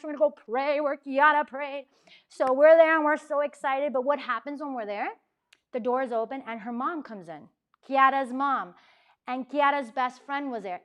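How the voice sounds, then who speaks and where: Animated woman telling a story. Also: sits high. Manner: animated, acts out quoted dialogue, frequent "like" fillers. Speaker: campus ministry speaker. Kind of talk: lively storytelling talk. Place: university talk room.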